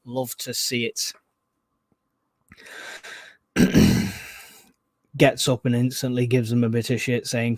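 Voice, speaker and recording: A man giving excitable, casual live fan commentary on a football match, groaning and swearing at the play. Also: mid-range voice, slow pace, long pauses, no echo, studio quality.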